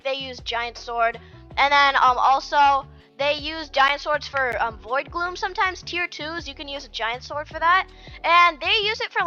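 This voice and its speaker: Bright high-voiced woman, rambling game commentary. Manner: rambling, with many fillers and restarts. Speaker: gaming video creator. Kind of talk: casual gameplay commentary. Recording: dull lo-fi mic with faint music.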